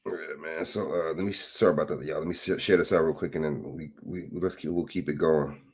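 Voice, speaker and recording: A man's voice: rumbling low, fairly even intonation, fairly quick, darkish tone, husky. A man, ranting casually into a phone, rambling and profane with repeated rhetorical questions. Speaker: commentator. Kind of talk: casual political rant.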